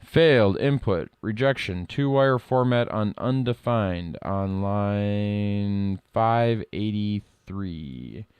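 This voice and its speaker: A middle-aged man streaming live code work, reading lines aloud and thinking out loud in a casual way. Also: on the low side, takes it slowly, smooth, no room sound. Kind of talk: casual live-coding commentary.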